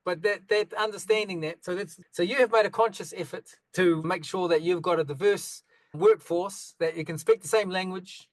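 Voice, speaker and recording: A man hosting a podcast interview, chiming in often with encouraging backchannels and telling lively anecdotes. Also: sits high, normal speed, no room sound, poor audio. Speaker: podcast host. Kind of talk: casual interview chat.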